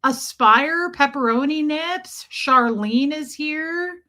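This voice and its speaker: A woman's voice: high voice, slow, pushed and bright. A woman hosting a casual livestream, chatting and greeting viewers by name in an affectionate way. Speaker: livestream host.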